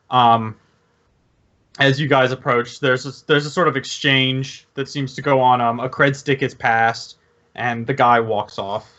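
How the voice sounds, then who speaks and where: A man's voice: medium pitch, a bit bright, highs cut off. Hesitant man narrating a tabletop game. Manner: hesitant, many ums and restarts. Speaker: game master.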